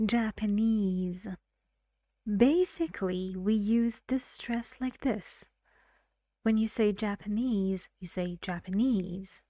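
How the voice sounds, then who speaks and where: Slow, patient woman teacher. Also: mid-range voice, dark tone, no room sound, studio quality. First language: Persian. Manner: patient, explains step by step and asks learners questions. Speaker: English pronunciation teacher. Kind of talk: online pronunciation lesson.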